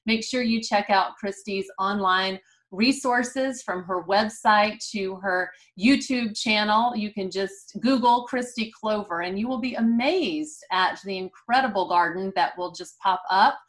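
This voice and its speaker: A woman's voice: medium pitch, a little slow, few pauses, fairly bright tone. A woman hosting a podcast, effusive and encouraging, full of praise for her guest. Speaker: podcast host. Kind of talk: casual interview chat.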